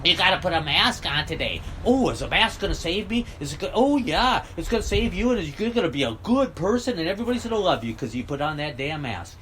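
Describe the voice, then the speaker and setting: A whiny, mask-obeying sheep, as a ranting man puts him on, pitched up and swooping in a sarcastic singsong. The mockery is broad and exaggerated. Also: sing-song, quick pace, hardly any pauses, a bit bright, a little hiss or hum, poor audio. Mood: mocking.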